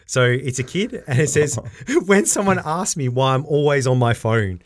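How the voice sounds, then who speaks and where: A man's voice: mid-range voice, animated, normal speed. Aussie guy on a podcast, chatty, laughs a lot, does little voices for the quotes. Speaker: podcast co-host. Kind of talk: casual chat.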